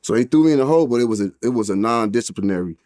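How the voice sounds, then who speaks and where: A man's voice: mid-range voice, very fast, background noise. A man casually telling a jail story, acting out the dialogue in a raised voice. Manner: animated, acts out dialogue in a raised voice, heavy cursing.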